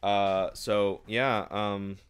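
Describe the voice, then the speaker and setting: A man's voice: lowish voice, fairly even intonation, very slow, clear, resonant tone. A man recapping a novel in a casual, sarcastic and exasperated rant. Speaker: book reviewer.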